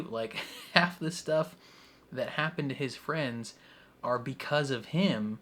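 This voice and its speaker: A man's voice: medium pitch, slow, fairly bright tone, a little hiss or hum. A young man hosting a TV reaction video, rambling casually with lots of "like" and frequent laughter. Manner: rambling, laughs often, heavy use of "like".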